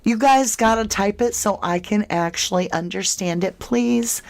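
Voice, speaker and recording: A woman's voice: mid-range voice, measured pace, gravelly. A woman hosting a casual true crime livestream, reading viewer comments aloud and chatting with them as "love".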